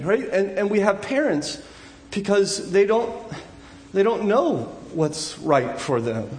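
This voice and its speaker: A man in his thirties preaching a sermon in a conversational way, full of asides and restarts, at times crying out loudly. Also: high voice, expressive, slow pace, roomy sound. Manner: conversational, frequent restarts and asides, rising to loud emotional cries. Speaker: pastor.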